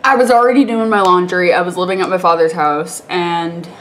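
A woman's voice: fairly low pitch, steady tone, brisk, a bit bright, a little hiss or hum. A young woman vlogger with a congested, stuffy voice, telling a rambling story to the camera in a chatty way, laughing often.

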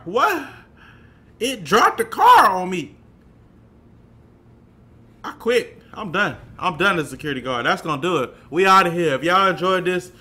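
A young man playing a horror game on a desk mic, jumpy and yelling in slang. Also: sits high. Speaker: gaming YouTuber. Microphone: desk microphone.

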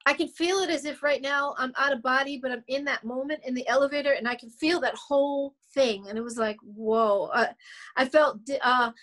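A woman's voice: high voice, fairly even intonation, a little fast, a bit bright. A middle-aged woman, a singer being interviewed, speaking bluntly and emphatically, swearing freely and acting out what others said. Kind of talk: candid interview chat.

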